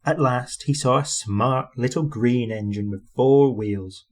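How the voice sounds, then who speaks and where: A man reading a children's story aloud with expressive, animated narration. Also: mid-range voice, unhurried, few pauses.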